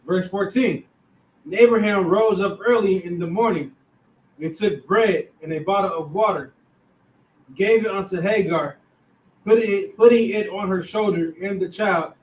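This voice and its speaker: A man's voice: high-pitched, a little slow, roomy sound. Man reading scripture from far off. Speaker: class member reading scripture.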